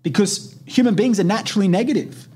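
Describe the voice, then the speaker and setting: A man's voice: high voice, quick pace, darkish tone, slightly rough. A man in his twenties hosting a podcast, talking casually and animatedly, swearing freely and leaning on "like" and "right?". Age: 20s. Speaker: podcast host. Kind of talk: casual motivational podcast talk.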